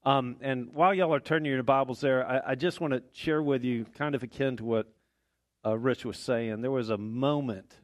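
Male pastor, folksy sermon, mid-pitched, dry mic. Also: steady tone, moderate pace, no echo. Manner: folksy, conversational, joking. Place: church sanctuary.

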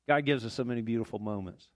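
A man's voice: mid-range voice, dry recording. A man preaching a sermon as pastor in a church, folksy and conversational with small jokes. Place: church sanctuary.

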